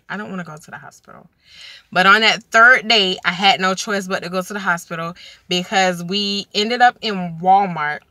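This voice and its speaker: A young woman tells a personal story straight to camera, chatty and animated. Her voice is bright but sits a little low. She leans on plenty of casual fillers as she goes. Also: dry recording. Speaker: vlogger telling a personal story.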